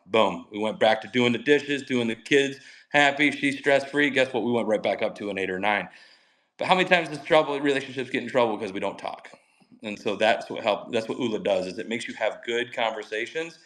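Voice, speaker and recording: Middle-aged male coach, mid-pitched, upbeat and animated storyteller. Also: a little fast, low-quality recording. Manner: energetic, animated, acts out quoted dialogue. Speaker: guest mental skills coach. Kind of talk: enthusiastic podcast storytelling.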